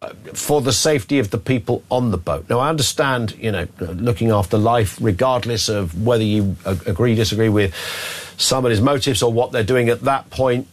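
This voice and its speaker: A man's voice: mid-range voice, fairly quick. A man hosting a radio phone-in, talking in a wry, exasperated, bantering way. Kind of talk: talk radio presenting.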